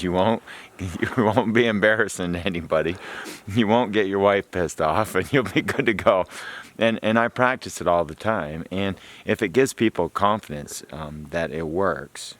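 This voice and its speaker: A man's voice: low-pitched, a bit bright. A man hosting a hunting video, explaining deer calls in a rambling, chatty way and laughing often. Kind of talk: casual instructional talk.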